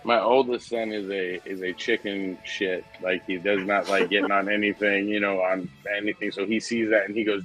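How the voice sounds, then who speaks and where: Husky, bright-voiced storytelling man. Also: on the low side, steady tone, a little fast, soft background music, poor audio. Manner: swearing, laughing storyteller. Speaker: podcast co-host. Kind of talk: casual chat.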